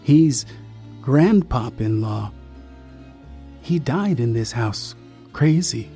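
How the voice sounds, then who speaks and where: A man's voice: mid-range voice, lively intonation, very slow, mellow, soft background music. A man voicing a weary, resigned young woman in a storybook reading.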